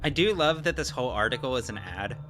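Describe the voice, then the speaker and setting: A man's voice: mid-range voice, expressive, fast talker, fairly bright tone. A man reading game text aloud and making dry, wry remarks to friends. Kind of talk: casual chat among friends.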